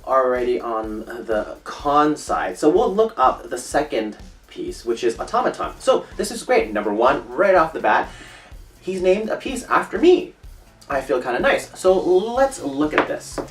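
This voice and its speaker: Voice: medium pitch, echoey room, recorded from a distance. A comic speaker giving rambling, mock-offended in-character commentary and reading quotes aloud.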